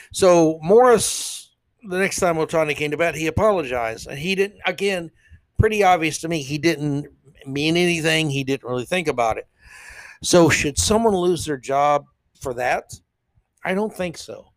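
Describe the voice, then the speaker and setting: A man hosting a podcast, giving casual, opinionated commentary that rambles with frequent "uh" pauses. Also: fairly high pitch, lively intonation, dry recording. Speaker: podcast host.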